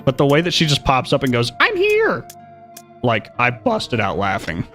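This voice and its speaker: Animated man narrating his gameplay. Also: medium pitch, fairly quick, faint music behind. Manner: chatty, narrates his own moves, wry asides. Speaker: streamer playing a horror video game. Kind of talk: live gameplay commentary.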